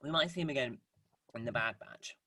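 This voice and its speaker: A man's voice: medium pitch, brisk, sharp tone, husky. A young man co-hosting a casual podcast, rambling with lots of fillers. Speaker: podcast co-host. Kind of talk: casual chat.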